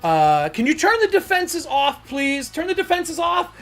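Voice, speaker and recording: A woman's voice: high voice, unhurried, voice pushed up. A man putting on a stammering, frazzled inventor woman. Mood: flustered. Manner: stammering, apologetic, excitable.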